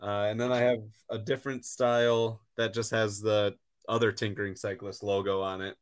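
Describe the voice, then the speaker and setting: A man guesting on a podcast, talking about his craft in a relaxed, easygoing way. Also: on the low side, moderate pace, smooth. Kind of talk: casual interview chat.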